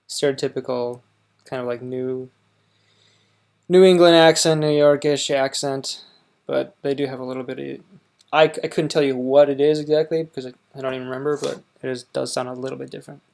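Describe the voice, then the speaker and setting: A man's voice: mid-range voice, flat delivery, a little fast, gravelly, darkish tone. An American man hosting a reaction video, with casual, hesitant commentary and dry asides. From United States. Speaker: reaction channel host.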